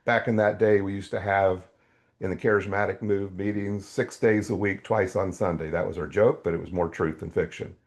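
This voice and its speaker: Older man, gravelly, low voice, animated faith testimony, interview guest. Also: normal speed. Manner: animated storyteller, swings up in pitch when excited. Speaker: podcast guest.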